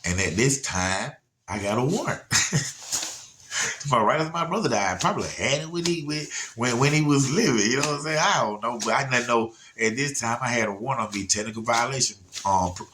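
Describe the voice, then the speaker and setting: A man's voice: mid-range voice, lively intonation, brisk, noisy background. A man telling a story casually to viewers, rambling and laid-back, often checking in with "you know what I'm saying". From Atlanta area, USA.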